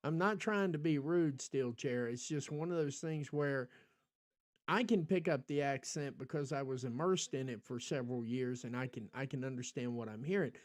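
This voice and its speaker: An American man runs a podcast livestream, rambling casually, peppering his talk with ums and restarts and answering people in the chat. He has a medium-pitched voice and keeps a moderate pace.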